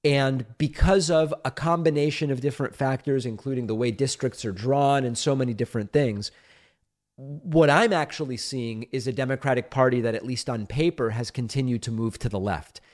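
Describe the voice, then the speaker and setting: A man's voice: mid-range voice, moderate pace, darkish tone. A middle-aged man born in Argentina, hosting a political talk show, reading listener mail aloud and answering it in a conversational, emphatic, playfully defensive way.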